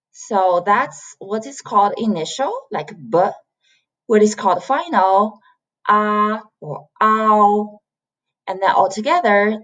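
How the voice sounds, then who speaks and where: With a mid-range, slightly bright voice, a native Chinese speaker from China, whose first language is Mandarin, guides learners through an online lesson. She goes slowly and patiently, demonstrating every sound by repeating it, while the recording has its highs cut off.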